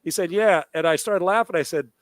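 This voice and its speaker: A middle-aged man co-hosting a sports talk show, telling a long, animated story with quoted dialogue and salty language. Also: high-pitched, fairly quick, dry recording.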